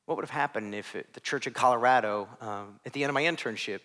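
A youth pastor in his thirties from Ohio preaches fast in a mid-range voice, acting out characters and swinging widely from soft to loud.

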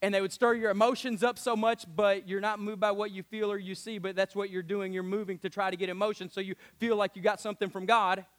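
A pastor delivers a sermon in a strikingly high voice for a man. He swings from hushed, intimate lines to loud, ringing ones and laughs often between points. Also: flat delivery, quick pace, hardly any pauses. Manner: laughs often while speaking.

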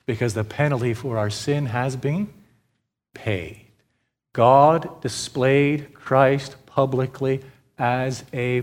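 A man preaching a sermon emphatically, repeating phrases and asking and answering his own questions, his voice swinging between loud stress and quiet drops. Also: mid-range voice. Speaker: pastor. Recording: long hall reverb.

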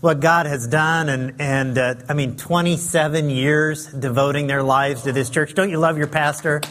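A man with a high, light voice preaching as a guest pastor, chatty and self-deprecating, with many fillers. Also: fairly even intonation, normal speed, a bit bright. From Southern California. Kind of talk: sermon. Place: church sanctuary.

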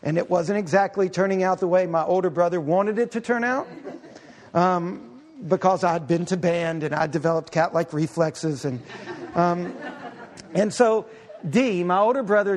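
Middle-aged guy preaching, pretty high voice, tells stories and jokes with the crowd, big echoey church sound. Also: moderate pace. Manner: storytelling, playful asides to the congregation. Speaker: pastor. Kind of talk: sermon. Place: church sanctuary. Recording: long reverb of a large hall.

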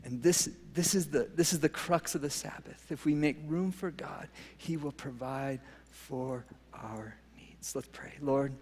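A man preaching a sermon with emphatic repetition and frequent chuckles, then dropping to a hushed prayer. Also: fairly high pitch, a little slow, few pauses. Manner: emphatic, repeats phrases, chuckles often, softens to a near whisper in prayer. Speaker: pastor. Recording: long reverb of a large hall.

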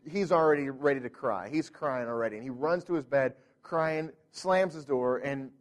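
A man's voice: medium pitch, normal speed. A man in his thirties, a pastor telling a family story in a sermon, earnest and full of restarts.

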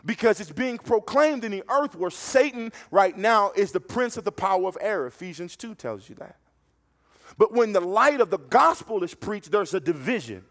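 A high-pitched male preacher delivers a sermon with fervour. He tells stories from the pulpit and often repeats a word as he restarts his thought. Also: very animated, normal speed, fairly bright tone. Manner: fervent, storytelling, repeats words when restarting.

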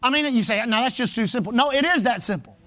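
A man with a strikingly high voice preaches a sermon. He pounds his points with repeated phrases in a steady pulpit cadence. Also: fast, faint music behind. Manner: emphatic, repetitive preaching cadence. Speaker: pastor.

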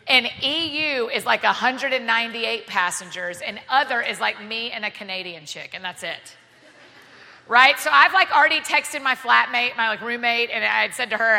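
A woman with an American Southern accent telling a self-deprecating story to a live audience as a guest speaker, animated and often laughing. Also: fairly high pitch. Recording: long reverb of a large hall.

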